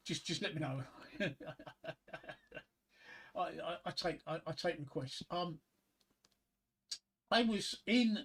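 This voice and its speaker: A man telling jokes on a casual livestream, halting and repeating his words often. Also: on the high side, lively intonation, creaky, fairly bright tone, breathy edge.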